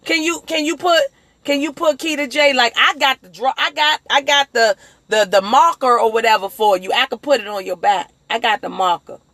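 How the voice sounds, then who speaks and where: A woman hosting a casual motivational livestream on her phone, talking in a rambling, animated way and acting out the voices of people she quotes. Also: high voice, moderate pace, dry recording. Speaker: livestream host.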